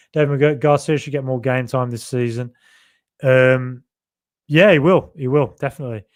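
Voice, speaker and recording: A man's voice: medium pitch, moderate pace. A man with a Birmingham accent hosting a casual live-stream podcast, chatting loosely and reading out viewer comments. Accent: Birmingham (Brummie). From Birmingham, England. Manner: chatty and rambling, with many fillers and asides. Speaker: podcast host.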